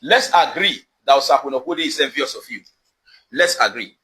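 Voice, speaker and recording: Speaking a little fast in a medium-pitched, bright and forceful voice, a Nigerian social media commentator confronts the camera outside his house. His rant is emphatic and accusatory, with questions repeated for effect, and the recording quality is low.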